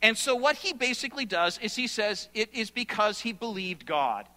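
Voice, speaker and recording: A male pastor preaching a sermon, explaining scripture in an animated way with sudden loud bursts. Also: sits high, moderate pace. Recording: long hall reverb.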